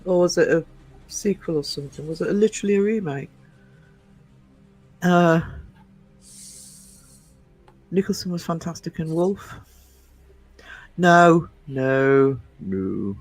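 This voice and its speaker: A man's voice: high voice, fairly even intonation, normal speed, pauses often, darkish tone, faint music behind, low-quality recording. Rambling man telling casual anecdotes. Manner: rambling anecdotes, frequent fillers and restarts. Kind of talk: casual chat.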